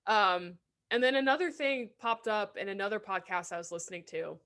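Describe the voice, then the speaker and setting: Bright-voiced woman cohosting a chatty podcast, swears a lot, does goofy little voices for animals. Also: medium pitch, a little fast. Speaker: podcast co-host. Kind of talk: casual podcast chat.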